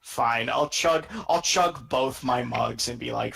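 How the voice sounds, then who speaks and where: A man's voice: mid-range voice, slow pace, gravelly, a bit bright, breathy edge, rough recording. A man playing a tabletop game, rambling and hesitant, with lots of filler words. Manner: hesitant, rambling with many likes. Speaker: player. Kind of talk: casual tabletop play.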